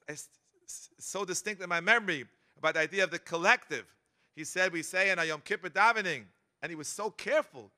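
A man in his seventies, a rabbi and cantor, giving a Torah lesson full of personal memories, speaking with dramatic emphasis. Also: high voice. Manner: animated, dramatic emphasis, frequent Hebrew and Yiddish terms. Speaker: rabbi teaching a class.

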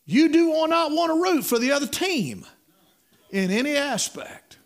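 A middle-aged man delivers a sermon, swooping up and down in a lively, high-pitched voice. He talks in a folksy storytelling way, stumbling over and repeating words and calling out "my friend.". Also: unhurried, creaky. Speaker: preacher.

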